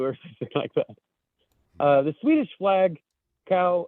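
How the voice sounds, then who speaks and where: Reading memes during a loose podcast chat, this male co-host swears and chuckles at his own gags. His voice is slightly high and moves at a normal speed, and the call audio is tinny and dry with no room sound.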